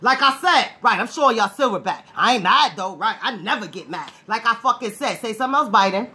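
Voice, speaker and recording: A woman, ranting loudly and confrontationally, swearing and repeating herself. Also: on the high side, animated, fairly quick. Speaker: online ranter. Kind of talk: angry direct-to-camera rant.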